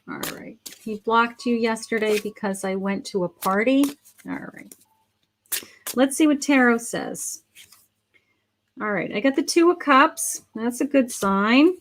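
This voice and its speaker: A middle-aged woman, a psychic, giving live tarot readings to viewers in a chatty, affectionate way, thinking aloud with frequent ums and restarts. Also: a little high. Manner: chatty, affectionate, calls viewers sweetheart and honey.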